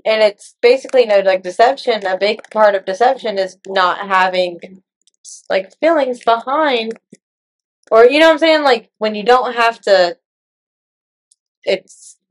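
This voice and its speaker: A woman's voice: on the high side, unhurried, pauses often. A woman joining a friend in casual chat, asking questions and wondering aloud. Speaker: co-host friend.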